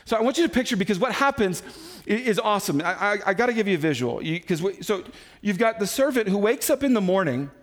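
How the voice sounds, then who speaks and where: A man in his forties preaching a sermon, telling the story in an animated way and acting out the quotes himself. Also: sits high, quick pace. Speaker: pastor.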